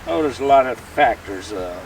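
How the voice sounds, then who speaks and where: A man's voice: medium pitch, animated, normal speed, creaky. Older guy helping outdoors, short dry answers, far from the mic, lots of hiss. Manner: laconic, dry. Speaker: host's father and helper. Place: outdoors by a vehicle.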